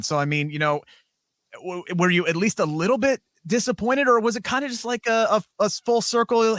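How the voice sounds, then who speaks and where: A man's voice: high voice, fairly even intonation, fairly quick, fairly bright tone, dry recording, clean studio sound. A man hosting a wrestling podcast, asking long, chatty questions in a casual interview.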